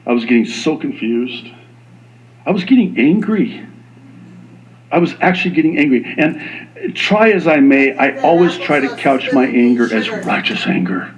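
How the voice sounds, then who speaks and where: A man preaching a sermon as a pastor, animated and slipping into quoted voices. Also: medium pitch, moderate pace, dull audio.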